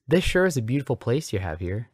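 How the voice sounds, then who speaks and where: A man's voice: medium pitch, fast talker, breathy edge, no echo, studio quality, pitched above the performer's own voice. A man voicing an eager, wide-eyed eleven-year-old boy who speaks breathlessly. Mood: excited. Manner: breathless, excitable.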